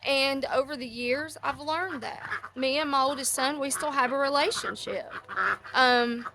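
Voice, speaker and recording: A woman's voice: sits high, fairly even intonation, unhurried, background noise. A middle-aged woman, hosting a casual outdoor chat to a live audience, rambling and easily sidetracked. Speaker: host. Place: outdoors near ducks. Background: ducks quacking.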